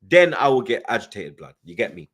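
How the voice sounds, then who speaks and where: A man's voice: mid-range voice, big pitch swings, brisk, breathy edge. A young man hosts a fan channel, chatting casually and reading viewer comments, with constant slang and "you get me" tags. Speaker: football fan channel host.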